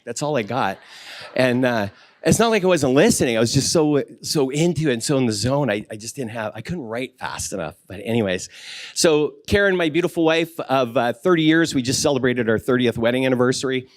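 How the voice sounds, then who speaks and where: A man's voice: mid-range voice, expressive, a little fast, no echo. A man in his fifties speaks from a conference stage in a dry, close sound, earnest and a little self-deprecating. He trips over fillers and restarts, and now and then sounds near to tearing up. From Canada. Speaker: keynote speaker. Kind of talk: conference keynote talk.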